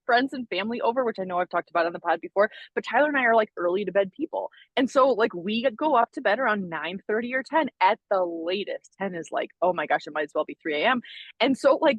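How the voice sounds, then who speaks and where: Animated, laughing woman podcast host. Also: on the high side, slightly rough, dry recording, dull audio. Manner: animated storytelling, laughs often, self-deprecating. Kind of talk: casual chat.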